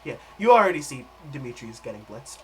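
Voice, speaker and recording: Game master, male, relaxed narration with asides and laughter, mid-pitched. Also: crowd noise, rough recording. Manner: casual, laughing, quick asides.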